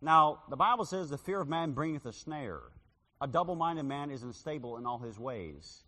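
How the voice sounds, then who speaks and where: A male preacher delivers a sermon with a lively, swooping delivery and a bright, forceful tone. His voice rings out with a long reverb, as if he is in a large hall. He slips into dramatic voices when retelling stories. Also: a little high, normal speed. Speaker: street preacher. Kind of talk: sermon with personal story.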